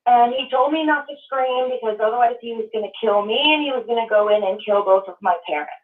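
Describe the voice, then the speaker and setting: A woman from Minnesota calling in to a show, telling her story in a halting, emotional way. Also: fairly high pitch. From Minnesota, USA. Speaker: caller. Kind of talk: call-in testimony. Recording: distant tinny phone line.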